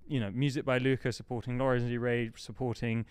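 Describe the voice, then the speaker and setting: A man guest on a casual podcast, a music producer, speaking enthusiastically and repeating words when excited. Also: medium pitch, a little fast, clear, resonant tone, no echo. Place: room in Nashville.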